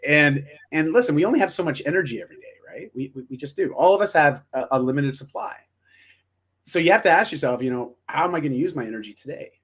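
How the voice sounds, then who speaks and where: A man's voice: on the high side, expressive, fast talker, fairly bright tone, slightly rough. A man speaking as an interview guest, reflective and encouraging, often restarting his phrases. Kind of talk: casual interview chat.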